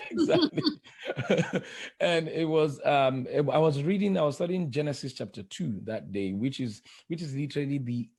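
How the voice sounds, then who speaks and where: A man, a life coach and preacher, telling his story as a podcast guest in an emphatic style, repeating key phrases slowly for effect. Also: a little high, huge pitch swings, husky.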